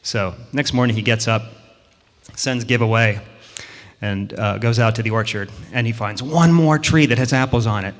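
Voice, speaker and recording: A man's voice: medium pitch, moderate pace. A man telling a children's story at a worship service, playful and chatty with the children listening. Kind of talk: children's story told to a congregation. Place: church sanctuary. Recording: long hall reverb in a sanctuary.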